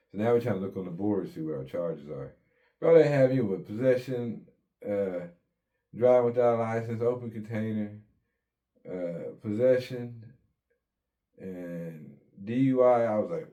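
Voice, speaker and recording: A man with a deep, mellow voice recounts his own life in an interview. His talk is easygoing street slang, peppered with curses. He slips into quoted dialogue as he tells it. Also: moderate pace. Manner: laid-back street slang, swears often, acts out quotes. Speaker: guest telling his life story. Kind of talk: casual storytelling interview.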